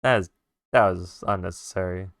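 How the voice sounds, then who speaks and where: Profane, animated male streamer. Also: deep voice, moderate pace, creaky, dry recording, studio quality. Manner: animated, profane retelling with sound effects. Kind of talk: casual storytelling while drawing on stream.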